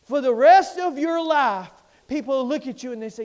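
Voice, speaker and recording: A man preaching in a church, his voice sitting high and leaping all over the scale. He moves from ringing, fervent declarations to near-hushed asides, working the congregation. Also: sing-song, unhurried. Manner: impassioned preaching, swings between loud and hushed. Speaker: pastor. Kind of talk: sermon. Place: church sanctuary.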